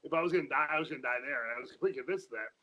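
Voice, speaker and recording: A man with a bright, slightly high voice tells old gym stories in a quick, casual rush. He swears freely and keeps circling back with restarts. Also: rough recording. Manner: fast, profane, repeats himself in restarts. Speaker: podcast guest, former powerlifter. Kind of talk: casual chat.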